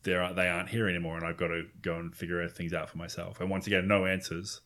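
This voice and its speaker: A man with a very low voice talks fast in a relaxed podcast chat. He walks through an album's songs in an animated, thinking-aloud way. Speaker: podcast co-host. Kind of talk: casual music discussion.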